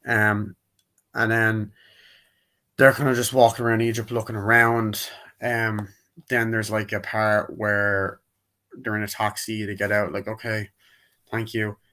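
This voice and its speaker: A young man giving a casual spoken movie review, rambling and acting out scenes in quick impressions. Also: lowish voice, little pitch movement, bright, forceful tone.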